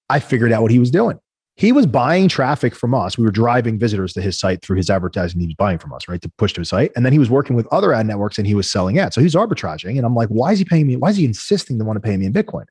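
Man, guest entrepreneur, rapid lively delivery, husky voice, casual storytelling. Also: mid-range voice, no echo, studio quality. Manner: animated, laughing storyteller who acts out quotes.

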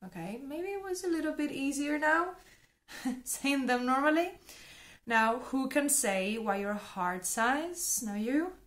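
A woman's voice: sits high, expressive, slow pace, fairly bright tone. A woman teaching English pronunciation, leading repeat-after-me drills in a careful, encouraging way.

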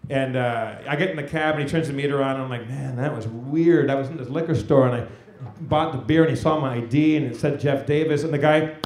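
A man telling a loose, animated story to an audience at a live podcast taping. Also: medium pitch, fast talker. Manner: animated, loose rambling anecdote. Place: theater stage before an audience. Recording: echoey live venue, faint noise.

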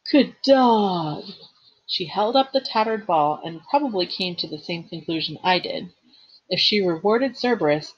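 A woman teacher reads a novel aloud in a fairly low, husky voice, with expressive storytelling and the odd stumble she corrects. The recording is a bit dull and lo-fi. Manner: expressive storytelling, occasional slips and rereads.

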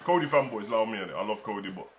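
A young man hosting a wrestling reaction, talking casually and shouting with delight. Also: fairly low pitch, lively intonation, racing, a little hiss or hum. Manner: exclamatory, fan-like, shouts in delight. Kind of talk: excited reaction commentary.

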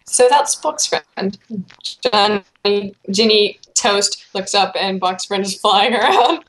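A woman's voice: mid-range voice, animated, takes it slowly, fairly bright tone, rough recording. A woman casually narrating a fanfic aloud, with giggly asides. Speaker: fanfic reader.

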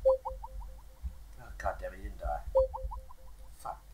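Excitable swearing young gamer guy. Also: sits low, slow pace. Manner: excitable, loud outbursts, heavy swearing. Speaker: gaming channel host. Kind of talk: casual gaming commentary. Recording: noisy recording.

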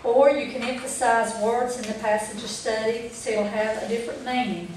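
A woman's voice: fairly high pitch, fairly even intonation, normal speed, a little hiss or hum. A woman teaching a Bible study group in a folksy way, checking in with them as she goes. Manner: folksy, asks the group questions. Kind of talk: church training talk. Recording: echoey room from far off.

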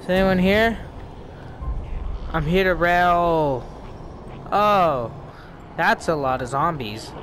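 A man commenting on his own gameplay, excitable and quick to yelp and laugh at scares. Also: fairly high pitch. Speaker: gamer. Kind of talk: let's play commentary. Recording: game sounds and noise behind.

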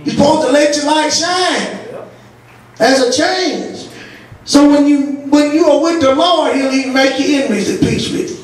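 A woman pastor preaching a sermon, telling stories with laughter and breaking into shouts. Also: high-pitched, normal speed. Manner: storytelling with laughter, rising to shouts. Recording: echoey church audio from far off.

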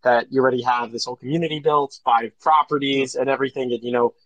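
A man's voice: mid-range voice, steady tone, fast talker, a bit bright, no room sound, dull audio. A man in his twenties hosting a live online audio chat, upbeat and promotional. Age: 20s. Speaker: host.

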